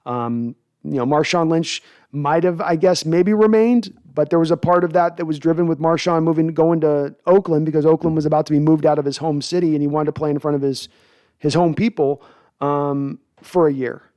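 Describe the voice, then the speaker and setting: A man with a somewhat high-pitched voice hosts a podcast, reading out viewer comments and answering them in a loose, casual way. He rambles, restarting his sentences often. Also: moderate pace, mellow. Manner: rambling, with frequent restarts and fillers. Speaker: podcast host.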